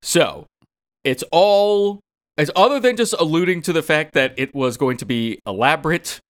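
A man with a fairly high voice banters on a podcast. His pitch moves a lot as he teases and cuts in with jokes. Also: expressive, normal speed. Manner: teasing, interjecting banter. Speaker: podcast co-host. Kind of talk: casual chat.

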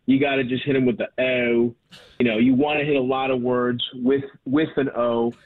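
A man rambles through a casual chat, joking at his own expense and restarting his sentences. He comes through a thin, tinny phone line. His pitch sits in an ordinary middle range. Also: flat delivery, moderate pace. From Baltimore. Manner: rambling, self-deprecating, many fillers and restarts. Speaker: comedian guest.

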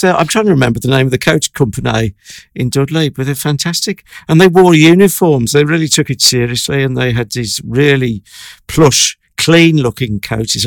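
A man's voice: mid-range voice, vocal fry, dry recording. A man co-hosting a review podcast, wry and rambling with playful asides. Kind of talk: casual review chat.

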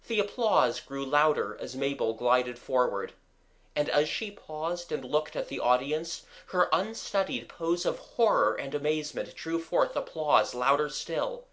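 An audiobook reader giving scripted narration with expressive, lively storytelling. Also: mid-range voice, measured pace.

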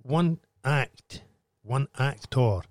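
Scottish man, mid-pitched, philosophical riffer with jokes, dry sound. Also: drawn-out words, no room sound. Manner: musing, joking, chipping in. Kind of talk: casual chat.

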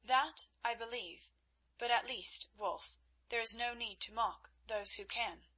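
A woman reading the lines of a stern but gentle young noblewoman in an audiobook, measured and grave. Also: a little high, breathy edge, heavily acted, rough recording.

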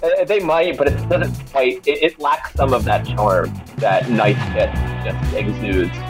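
A man of middling pitch chatting as a player at a tabletop game. He jokes in a relaxed way. Music plays clearly underneath. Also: unhurried. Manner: joking, relaxed. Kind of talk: casual tabletop game talk.

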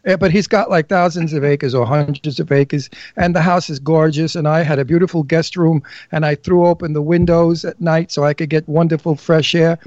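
Flamboyant, giggly male co-host, high voice, dry and slightly dull studio sound. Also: steady tone, brisk, hardly any pauses, a little mellow, dry recording. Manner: flamboyant, bawdy, giggly storyteller. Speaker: radio co-host. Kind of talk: casual radio chat.

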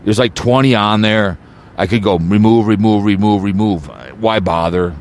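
Speaking on the low side at a moderate pace, this podcast host delivers a worked-up, meandering rant. He keeps repeating things and tripping into fresh starts.

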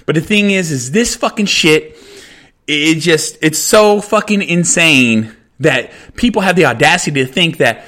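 A man rants on his own podcast, cursing in nearly every sentence and breaking off to restart his thoughts. His voice sits high and bright. It swings widely in pitch as he vents. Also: expressive, measured pace. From United States. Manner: heated, repetitive, swearing, restarts mid-sentence. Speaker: podcast host. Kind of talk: angry profane rant.

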